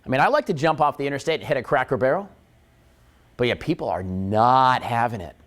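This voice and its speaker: Animated punning morning show host, a man. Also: medium pitch, brisk. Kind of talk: jokey morning show chat.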